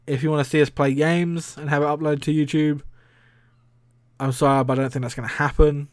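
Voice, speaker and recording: A man's voice: a little high, little pitch movement, brisk, no echo. A man hosting a casual solo stream, rambling and chatty, laughing often and swearing casually. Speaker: streamer and podcast host.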